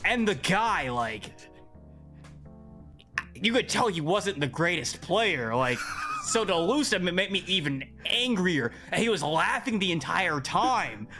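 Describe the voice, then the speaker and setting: A young man, a podcast guest, telling a story in casual chat, animated and exasperated, often repeating himself. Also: sits high, measured pace, soft background music.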